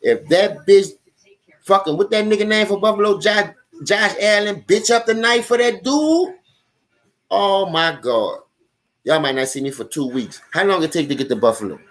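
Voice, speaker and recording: The young sports host's voice sits high, with a fairly bright tone and moderate pace. In his New Orleans accent, he delivers a profane, animated football rant directly to viewers on his live stream.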